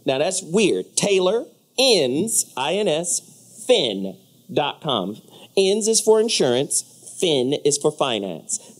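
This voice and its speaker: A man hosting a radio talk show, hyped and animated as he plugs local businesses and goes to a break. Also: high voice, moderate pace. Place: radio studio.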